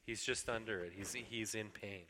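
A man's voice: fairly low pitch, fairly even intonation, normal speed, pushed and bright, long reverb tail. A man preaching a sermon earnestly, now and then acting out pleas to God in a raised voice. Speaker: pastor.

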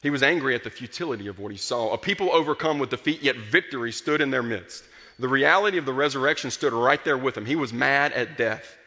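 A man delivers a sermon in an earnest, passionate way, building up to strong emphasis and then falling quiet. His voice is bright and forceful. It rings with a long reverb, as in a large hall. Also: mid-range voice, fast. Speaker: pastor.

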